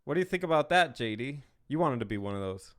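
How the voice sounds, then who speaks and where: A man with a smooth, resonant voice of average pitch chats on a live gaming podcast. He talks in an easygoing, joking way. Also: lively intonation, quick pace, fairly bright tone. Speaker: podcast co-host. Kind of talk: casual chat.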